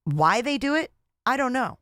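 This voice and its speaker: A woman's voice: fairly high pitch, very animated, moderate pace, a bit bright, no room sound, clean studio sound. A woman hosting a casual livestream, talking in a blunt, repetitive and exasperated way. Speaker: livestream host.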